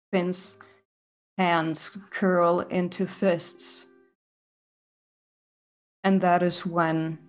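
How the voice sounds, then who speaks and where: A woman narrating a tabletop game as game master in a slow, hushed, suspenseful way. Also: fairly low pitch.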